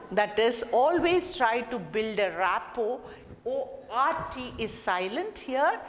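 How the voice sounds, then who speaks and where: A woman giving a classroom lecture on communication, explaining and repeating her points and asking rhetorical questions. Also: on the high side. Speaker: college lecturer. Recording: long reverb, faint background noise.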